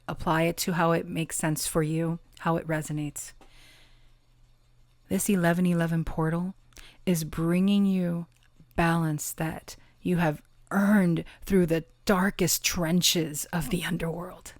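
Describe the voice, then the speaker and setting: A woman with a somewhat low voice gives a pick-a-card tarot reading, stretching her words and speaking in an earnest, affirming way. She drops into casual fillers and the odd swear. The recording is dry and close, with no room sound. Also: little pitch movement, no room sound. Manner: slow, earnest and affirming, drawing out key words; gets emotional and laughs softly at times.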